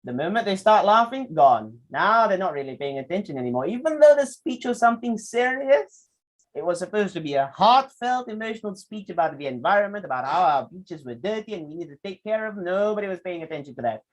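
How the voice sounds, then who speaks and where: A man's voice: high-pitched, sing-song, brisk. A man giving a public speaking workshop, demonstrating with his voice and asking the audience questions. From Malaysia. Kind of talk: workshop lecture.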